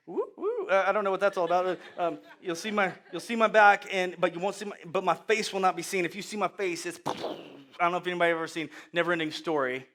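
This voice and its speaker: High bright animated male preacher. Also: fast talker. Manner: animated storytelling with acted voices and sudden loud outbursts. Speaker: pastor. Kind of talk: sermon.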